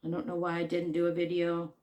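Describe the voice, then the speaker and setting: A woman's voice: lowish voice, monotone, fast, darkish tone. A woman crochet vlogger chatting casually, rambling and joking at her own expense. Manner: rambling, chatty, self-deprecating.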